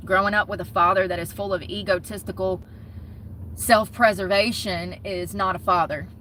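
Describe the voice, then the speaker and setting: A Southern woman vlogs in a blunt, heated rant and swears without a second thought. Her voice has a bright, cutting edge. Faint vehicle noise hums underneath. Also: fairly low pitch. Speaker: vlogger. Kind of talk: casual ranting vlog.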